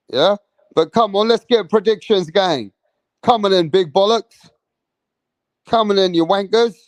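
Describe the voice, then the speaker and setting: A rowdy young man hosts a loose live chat, reading out comments and cursing freely. His voice sits high for a man and sounds close and dry, with no room around it. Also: no room sound. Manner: rowdy, swears a lot, reads out chat. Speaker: livestream host.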